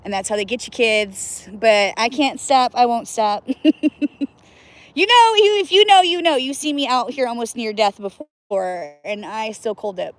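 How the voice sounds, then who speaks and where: High-voiced chatty woman livestreaming outdoors. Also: unhurried, no room sound. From US Northwest. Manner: playful, chatty, laughs often, whoops. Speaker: livestream host. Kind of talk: casual livestream chat. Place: outdoors by cold water.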